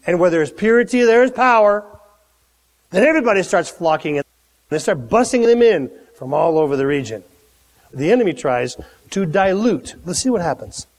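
A pastor preaching a sermon, acting out the Bible characters' lines in a lively, conversational way. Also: male voice, sits high, measured pace. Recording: long hall reverb.

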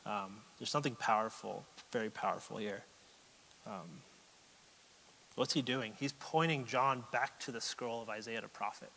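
A man preaching a sermon as a pastor, earnest and halting, often restarting words and getting choked up as he reads scripture. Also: fairly low pitch, gravelly, sharp tone, in a large hall, slight background noise, poor audio. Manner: earnest, halting with repeated starts, gets choked up.

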